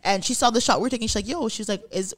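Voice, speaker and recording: A woman's voice: on the high side, rapid-fire. A young woman chatting on a podcast, telling a story with lots of laughter and acting out the voices of the people in it. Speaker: podcast co-host. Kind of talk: casual storytelling chat.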